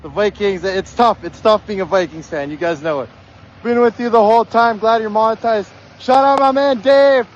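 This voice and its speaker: A hoarse young man livestreaming outdoors on a snowy street, excitedly yelling shout-outs to viewers. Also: high-pitched, moderate pace, lo-fi sound. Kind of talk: live stream reading out viewer donations.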